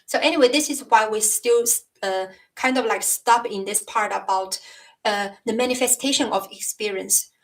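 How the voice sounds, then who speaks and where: A woman from China, a Mandarin native speaker with a Chinese accent, hosting a casual livestream chat and often pausing to search for words with many fillers. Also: medium pitch. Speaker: livestream host. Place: home, in Scotland.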